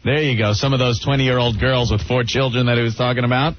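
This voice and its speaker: A man co-hosting a radio talk show, reading off items in a relaxed, halting way with dry chuckles. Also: medium pitch. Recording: muffled radio broadcast.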